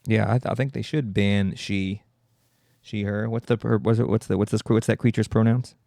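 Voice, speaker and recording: A gravelly, low-pitched man hosts a podcast in a loose, profane comedic monologue. He riffs and keeps cutting himself off mid-thought. His tone is dark and mellow, recorded dry and close. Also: fairly even intonation, a little fast, dry recording. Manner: riffing, self-interrupting, profane. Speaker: podcast host.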